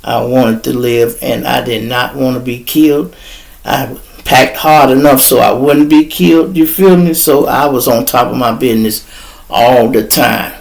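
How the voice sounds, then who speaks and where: A man with a Chicago accent hosting a podcast, telling stories in an animated, profane way and acting out what others said. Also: mid-range voice, normal speed, vocal fry. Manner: animated, profane, acts out quoted voices. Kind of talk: storytelling.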